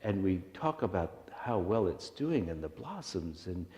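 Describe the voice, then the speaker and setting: A man's voice: low voice, sing-song, unhurried, warm tone. A man voicing a cheerful, chatty old man on a subway who talks in a friendly, disarming way. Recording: echoey hall.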